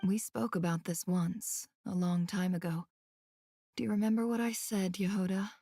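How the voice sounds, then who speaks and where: An actress voicing a sharp-minded female leader in a game, analytical and dryly witty. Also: mid-range voice, fairly even intonation, moderate pace, no echo, close to an everyday voice. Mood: resolute.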